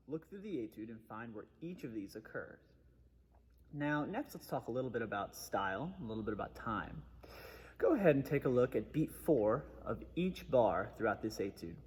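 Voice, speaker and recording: A man's voice: mid-range voice, big pitch swings, normal speed, a little mellow, breathy edge, big-room sound. A man giving a methodical trombone lesson, explaining articulation step by step. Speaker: trombone teacher. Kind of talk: instructional music lesson.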